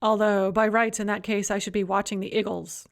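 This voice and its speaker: A woman's voice: mid-range voice, level tone, a little fast, gravelly, lightly acted. A woman narrating an audiobook, voicing a polite young man with a mild, dry, reserved manner. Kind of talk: audiobook character voice.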